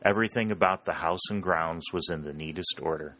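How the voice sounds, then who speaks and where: A man's voice: low-pitched, brisk, a bit bright. A man narrating a novel aloud, reading the characters' dialogue with a slightly raised voice. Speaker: audiobook narrator. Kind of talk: scripted narration.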